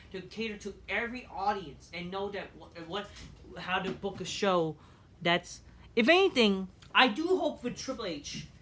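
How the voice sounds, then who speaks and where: A woman's voice: fairly high pitch, a bit bright. A woman ranting at home in casual commentary, rambling, repeating herself, swearing and restarting sentences. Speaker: wrestling commentary vlogger. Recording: roomy echo, distant from mic, faint noise.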